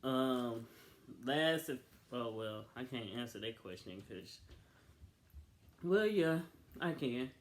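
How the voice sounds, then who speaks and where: Reserved young man, quiet. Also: medium pitch, lively intonation, takes it slowly, pauses often. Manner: quiet, reserved, slightly hesitant. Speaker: co-host of couple channel. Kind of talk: casual couple chat.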